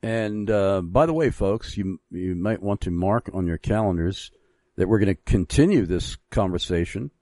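A man hosting a Christian talk program, speaking in a measured, halting way with frequent pauses. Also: deep voice, lively intonation, mellow, no room sound. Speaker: radio show host.

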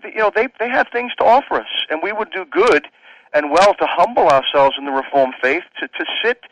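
A man's voice: high-pitched, animated, brisk, a bit bright, muffled recording. A man, a pastor appearing as a guest on a radio talk show, speaking earnestly and casually, with frequent fillers and restarts. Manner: earnest, many "you know" fillers and restarts.

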